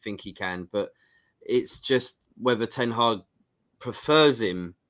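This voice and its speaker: A man's voice: on the low side, takes it slowly, a bit bright. A man hosting a casual football podcast, speaking in a hesitant, stumbling, agreeable way. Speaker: host.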